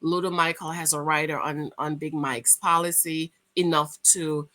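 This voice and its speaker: Middle-aged woman vlogger, lively storyteller, sharp tense tone, casual talk to camera. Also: moderate pace. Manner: animated storyteller, big swings in pitch and loudness. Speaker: channel host. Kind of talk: casual vlog monologue.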